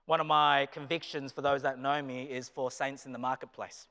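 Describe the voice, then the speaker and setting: Animated Australian man preaching in a hall. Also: moderate pace. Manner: animated, swings from loud emphasis to low, quiet asides. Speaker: pastor and business teacher. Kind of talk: sermon. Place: chapel hall. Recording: reverberant chapel hall.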